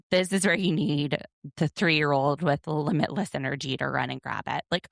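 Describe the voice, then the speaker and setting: A woman's voice: deep voice, normal speed, vocal fry, no room sound, clean studio sound. A woman in her thirties hosting a podcast, giving a chatty, wry recap with self-deprecating asides. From United States. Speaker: podcast host. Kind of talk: casual recap commentary.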